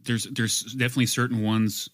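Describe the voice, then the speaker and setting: A man on a casual podcast explaining his point in a thoughtful, measured way. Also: mid-range voice, flat delivery, a bit bright. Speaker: podcast co-host.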